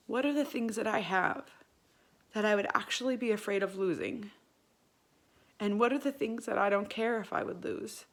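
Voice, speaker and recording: A woman with a mid-range voice talks straight to camera in an earnest, reflective way. She drifts through soft fillers and restarts, sincere and personal throughout. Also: mid-range voice. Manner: grows tearful and quiet near the end. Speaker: vlogger. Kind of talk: heartfelt personal talk to camera.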